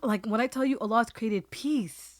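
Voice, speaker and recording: A woman's voice: fairly high pitch, normal speed, dry recording. Earnest woman in a dry podcast chat. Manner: earnest, emotional, laughs easily. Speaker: podcast host. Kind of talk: casual heartfelt conversation.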